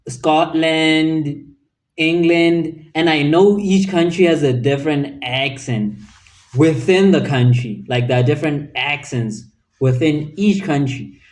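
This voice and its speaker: A man hosting a reaction video, talking in a casual, incredulous, musing way. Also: on the high side.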